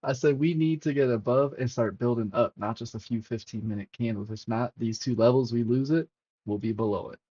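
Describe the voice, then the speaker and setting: Profane excitable man streaming crypto charts. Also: mid-range voice, brisk, slight background noise. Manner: profane, excitable, talks to chat. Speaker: crypto livestream host. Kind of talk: casual livestream chart commentary. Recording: dull lo-fi stream audio.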